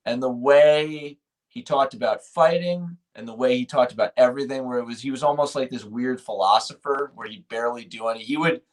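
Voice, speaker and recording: A man co-hosting a podcast, telling stories in a casual, animated way with hesitant restarts. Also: mid-range voice, a little fast. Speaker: podcast co-host. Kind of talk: casual chat.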